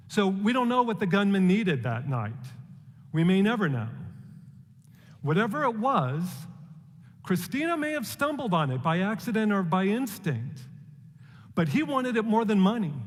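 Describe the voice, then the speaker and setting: A man giving a prepared public talk, measured and deliberate, asking rhetorical questions. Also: a little high, big-room sound.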